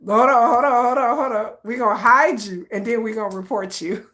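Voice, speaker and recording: A woman's voice: fairly high pitch, fairly quick, fairly bright tone. A woman hosting a casual livestream, teasing her chat and laughing often. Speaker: livestream host.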